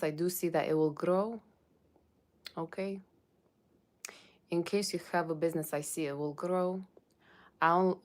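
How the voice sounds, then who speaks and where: A woman with a low-pitched voice, lightly acted, plays a brash, sassy fortune-teller in a put-on Russian accent. In character for Halloween, this tarot reader gives a blunt reading and throws teasing asides to viewers.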